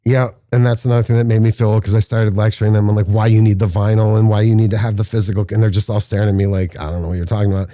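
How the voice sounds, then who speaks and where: Brief: male filmmaker guest, low dark voice, lively storyteller acting out quotes, dry close mic. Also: very fast, hardly any pauses, no room sound. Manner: animated storyteller, acts out quotes with rising pitch. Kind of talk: casual podcast interview storytelling.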